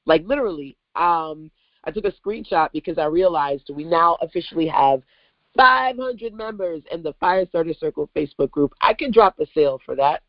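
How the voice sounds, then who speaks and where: A woman from Brooklyn hosting an online business workshop, coaching with animated, emphatic rhetorical questions over a video call mic. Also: deep voice, normal speed, no room sound, highs cut off. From Brooklyn, New York.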